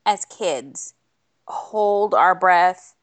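A woman co-hosting a casual podcast, animated and acting out her reactions, with the hiccups. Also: fairly low pitch, drawn-out words. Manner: animated storyteller with acted-out reactions. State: has the hiccups.

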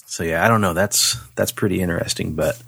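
Animated man telling a ghost story, dry sound. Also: sits low, brisk, gravelly, husky, no room sound. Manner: animated, swears freely, acts out voices. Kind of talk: casual storytelling.

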